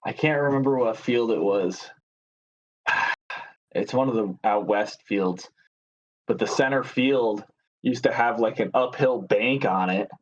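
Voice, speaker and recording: A man's voice: medium pitch, unhurried, long pauses, dull audio. A man co-hosting a podcast, giving blunt, opinionated takes in casual sports chat. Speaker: podcast co-host.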